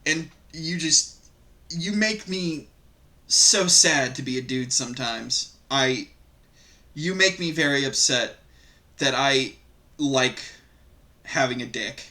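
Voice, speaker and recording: A man hosting a reaction video, ranting casually and profanely about online stories in a rambling, animated way. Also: mid-range voice, takes it slowly, long pauses.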